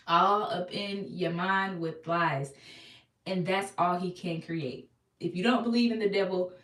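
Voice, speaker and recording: A young woman giving an emphatic, preachy pep talk on a live stream. She repeats key lines and has viewers say them back in call-and-response. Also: medium pitch. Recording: echoey room, far from mic.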